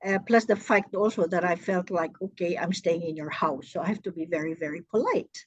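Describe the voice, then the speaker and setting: A woman earnestly recounting a painful personal story in a workshop, hesitant and halting, with frequent restarts. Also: on the low side, no echo, muffled recording. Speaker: workshop participant.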